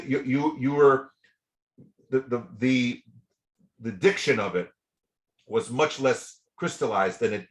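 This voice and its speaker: A man coaching a singer through feedback, chatty and full of restarts and repeated words. He keeps breaking into short demonstrations, swinging from soft to loud. His voice sits in a roomy, echoey space. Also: mid-range voice. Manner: chatty, repeats words, demonstrates by singing and speaking softly and loudly. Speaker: voice teacher. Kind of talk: voice lesson feedback. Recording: roomy echo.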